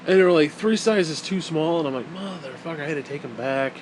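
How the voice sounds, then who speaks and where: Profane rambling man, slightly high voice. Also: expressive, a little fast, a little hiss or hum. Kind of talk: casual rant.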